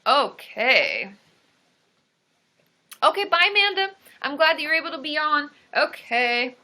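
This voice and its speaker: A woman therapist hosting a casual livestream, excitable and gushing, full of gasps and exclamations. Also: high-pitched, measured pace. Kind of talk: casual live-stream chat.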